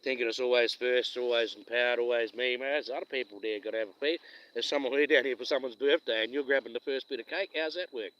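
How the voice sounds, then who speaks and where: A man's voice: mid-range voice, fast talker, fairly bright tone, lo-fi sound, slight background noise. A man with a Western Australian accent chatting and telling stories on a live stream while fishing outdoors, rambling and chuckling as he goes. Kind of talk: casual live-stream chat.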